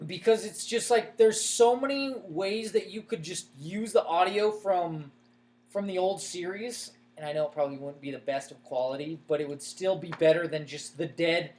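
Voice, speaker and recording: A man's voice: high voice, moderate pace, darkish tone. Rambling young man chatting on a podcast. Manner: rambling, many fillers and restarts. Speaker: podcast co-host. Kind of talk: casual chat.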